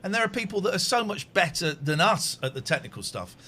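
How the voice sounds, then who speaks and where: Bright, lively-pitched male streamer. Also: a little fast, husky. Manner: excitable, swings from mumbling to shouting. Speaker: host. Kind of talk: casual livestream chat.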